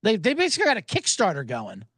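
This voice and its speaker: A man's voice: high voice, wildly swooping pitch, quick pace, a bit bright, slightly rough, no room sound, clean studio sound. A man hosting a sports betting show, talking in a loose, joking, profane ramble full of asides. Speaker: sports betting podcast host. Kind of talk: casual rambling commentary.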